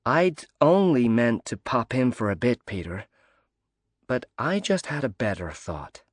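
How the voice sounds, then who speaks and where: A man voicing a cheery young American woman athlete with an American accent, gracious and gently emphatic, in an audiobook reading. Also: mid-range voice, very animated, a little slow, no echo.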